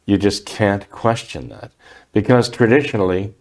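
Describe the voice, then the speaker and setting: A man's voice: on the low side, moderate pace, darkish tone. An older man, a priest, answering listener questions on a talk program in a hesitant way, with many fillers and restarts.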